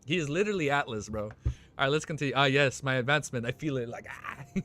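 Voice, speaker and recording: A young man streaming live who chats casually with viewers. He is excitable, peppers his talk with "bro" and "man", and turns earnest and consoling when things get serious. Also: mid-range voice, fast, slight background noise. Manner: excitable, talks to chat with constant "bro" and "man". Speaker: livestreamer.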